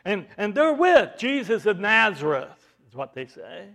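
A man preaching a sermon, asking rhetorical questions and swinging between loud emphasis and hushed asides. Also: high voice, big pitch swings, unhurried, gravelly.

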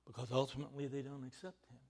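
A male preacher delivering a sermon, swinging from hushed, almost whispered lines to loud emphatic ones, repeating key words and asking his listeners questions. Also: medium pitch, flat delivery, fast.

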